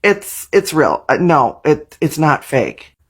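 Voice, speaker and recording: Crude joking man, voice a bit high. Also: big pitch swings, takes it slowly, fairly bright tone, breathy edge. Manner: joking, crude, talks to the viewers. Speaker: comedic vlogger. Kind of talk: jokey reaction vlog.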